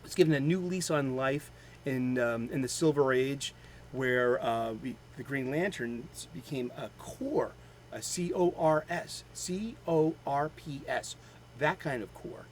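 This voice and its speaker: A man's voice: medium pitch, slight background noise, poor audio. A man with a Boston accent hosting a daily show, chatting casually with many fillers and restarts, full of a fan's enthusiasm. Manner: rambling, halting, with many fillers; enthusiastic fan. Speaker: host of a daily comics show. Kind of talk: casual chat.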